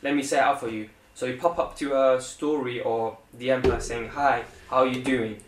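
A young man, co-hosting a casual chat and talking loudly with a lot of laughing. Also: mid-range voice, brisk, slight background noise. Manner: loud, laughing, animated. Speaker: podcast co-host. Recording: roomy echo, a bit far from the mic.

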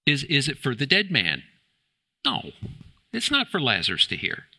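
A man's voice: medium pitch, huge pitch swings, normal speed, creaky, sharp tone, husky. A man preaching a sermon in church, emphatic and fond of rhetorical questions, building to exclamations. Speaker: pastor.

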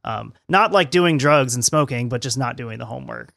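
Man, gravelly voice, casual podcast chat, self-deprecating, dry sound. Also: mid-range voice, moderate pace, fairly bright tone, dry recording. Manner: laughs often, self-deprecating. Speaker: podcast guest.

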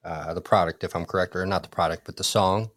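Host: male, low voice, playful and chatty, dry recording. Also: steady tone, fast, a bit bright, no room sound. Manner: chatty, joking, tries silly impressions. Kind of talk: casual interview chat.

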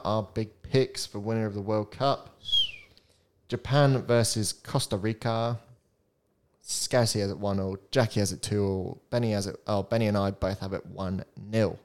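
A young man hosts a laid-back podcast chat. His voice sits low and comes across smooth and clear. He rattles through lists of match predictions and laughs often. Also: darkish tone. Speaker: podcast host.

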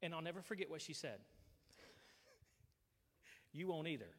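A man earnestly sharing a personal testimony at a gathering, speaking into a handheld mic with halting restarts. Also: a little high, lively intonation, fairly bright tone, long reverb tail.

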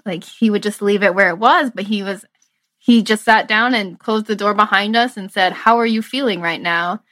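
A young woman in her twenties, a medical student, tells a personal story casually, earnest and reflective, laughing through the emotional parts. Her mid-range voice is a bit bright, at a normal speed, with no echo.

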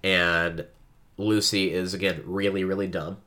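A man with a very low, sharply forceful voice co-hosts a casual podcast about a book. He keeps the conversation going with chatty remarks and steady backchannels. His delivery is relaxed and conversational. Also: measured pace. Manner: chatty, frequent listener backchannels.

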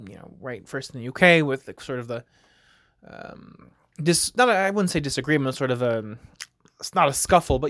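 This American podcast host has a mid-range, fairly bright voice, captured dry at studio quality. Talking solo and casually, he wanders from point to point and packs his speech with "like" and "you know."

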